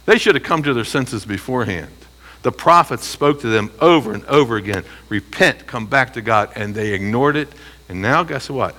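A man's voice: mid-range voice, lively intonation, normal speed, bright, forceful tone. A man teaching a Bible study, reading scripture aloud and answering his own rhetorical questions with emphasis. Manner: reads scripture aloud and comments between phrases.

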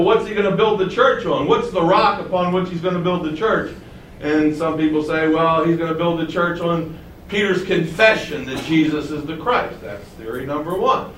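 A high-voiced man preaching a sermon in a roomy, echoing church, heard from a little way off the mic. He teaches with lively swings of pitch and volume and asks the congregation rhetorical questions. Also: distant mic, slight background noise. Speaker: pastor.

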